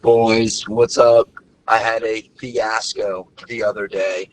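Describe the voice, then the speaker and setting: A man leaving a recorded voice message for a podcast, telling an animated story and getting loud when he quotes himself. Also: on the low side, takes it slowly, poor audio. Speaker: caller.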